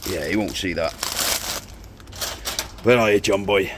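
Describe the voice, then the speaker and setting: A man's voice: sits low, measured pace, long pauses, background noise. A man hosting a fishing vlog in casual, jokey banter, often laughing and teasing his mate. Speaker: fishing video host.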